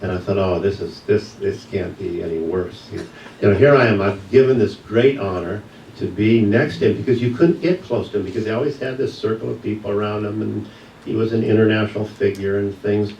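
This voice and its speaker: A man who teaches yoga, giving a church message as a personal story, told with pauses and soft laughs. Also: fairly low pitch, gravelly, lo-fi sound, slight background noise. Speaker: guest speaker, yoga teacher. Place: church sanctuary. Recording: echoey hall, mic from a distance.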